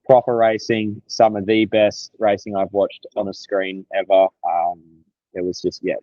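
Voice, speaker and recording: Young aussie guy podcasting, low voice, sweary, dry dull-sounding mic. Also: measured pace, dry recording. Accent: Australian. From Australia. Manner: excitable, sweary, loose storytelling. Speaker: podcast co-host. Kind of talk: casual chat.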